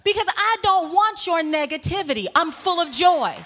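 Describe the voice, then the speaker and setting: Bright-voiced woman preaching in a reverberant hall. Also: very high voice, lively intonation, normal speed, a little hiss or hum. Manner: humorous and emphatic, with laughter and shouted points. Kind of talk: sermon. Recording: long reverb in a large hall.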